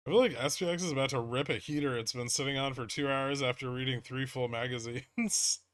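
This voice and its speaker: A man's voice: mid-range voice, brisk, fairly bright tone, no room sound, studio quality. A man hosting a livestream, casually commenting on trades as he reacts to the charts and swears now and then. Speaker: livestream host trading stocks.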